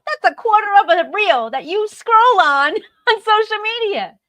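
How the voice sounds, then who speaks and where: A woman from the United States giving an animated motivational talk as a guest on a live stream, shifting her tone to act out examples. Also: very high voice, measured pace, no room sound. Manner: animated, acts out example remarks in varied tones. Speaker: guest speaker. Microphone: video call.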